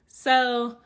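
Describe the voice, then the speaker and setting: A woman with a slightly high voice hosts a casual storytelling podcast. She talks in an animated, emphatic way, laughs often, and swears bluntly to drive her points home. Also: smooth. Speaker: podcast host.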